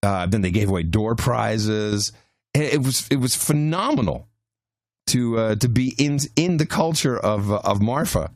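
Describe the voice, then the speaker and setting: A man's voice: on the low side, animated, a little slow, darkish tone, no echo, studio quality. A man co-hosting a podcast, telling a long travel anecdote in casual chat with frequent restarts and fillers. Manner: rambling anecdotes with many restarts. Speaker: podcast co-host.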